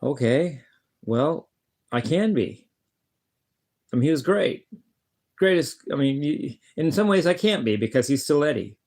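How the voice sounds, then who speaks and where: This time the guitarist vlogger's voice sits on the high side, with lively intonation, a darkish tone, a slightly slow pace, and long pauses. Speaking casually to the camera, he rambles bluntly, swears, and trips over words as he restarts.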